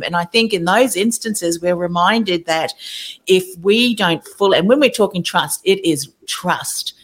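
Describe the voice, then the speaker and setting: Low-voiced affirming woman host. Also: measured pace. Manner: affirming, conversational, with tag questions. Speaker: podcast host. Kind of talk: interview conversation.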